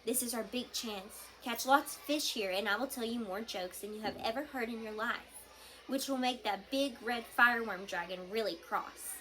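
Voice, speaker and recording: A woman voicing a skinny, anxious boy who talks in a hushed, urgent way in a storybook read-aloud. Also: a little high, normal speed, a little hiss or hum, low-quality recording.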